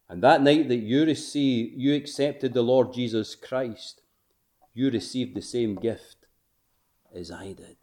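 A man preaching a gospel sermon, emphatic, swelling to forceful peaks and then dropping to hushed endings, asking his listeners questions. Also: medium pitch.

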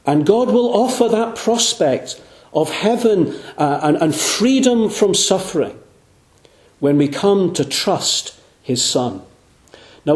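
A man preaching an evangelistic sermon in a church, earnest, slowing down and dropping his voice low on the key phrases. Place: church room. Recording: echoey room.

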